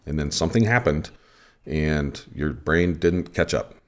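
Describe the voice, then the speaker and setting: A man's voice: rumbling low, measured pace. A man hosting a podcast, telling an umpiring story casually and with energy. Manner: animated retelling of a game story.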